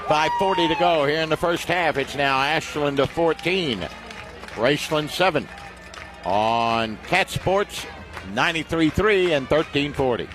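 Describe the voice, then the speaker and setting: A man doing play-by-play commentary of a high school football game on radio, getting loud and excited on big plays. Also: a little slow, over music, crowd noise. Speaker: play-by-play announcer.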